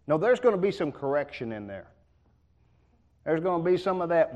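A man's voice: on the high side, very animated, normal speed, muffled recording. A man preaching a sermon in a church, folksy and joking in a conversational way.

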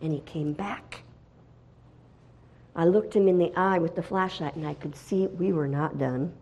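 A middle-aged woman giving a spoken testimony as a missionary, telling her story dramatically and swinging from hushed tones to loud, excited bursts. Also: low-pitched, a little fast.

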